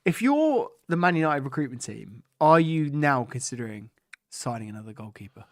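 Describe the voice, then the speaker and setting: A man co-hosting a live football watchalong, laughing and reacting excitedly to the match. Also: mid-range voice, normal speed, no room sound, clean studio sound. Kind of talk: casual live match commentary.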